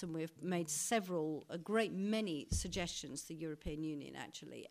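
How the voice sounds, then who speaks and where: A woman serving as an ambassador answers interview questions with measured, diplomatic care. Her voice sits a little low, and she often pauses on an "um" before restarting a phrase. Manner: measured, diplomatic, with frequent ums.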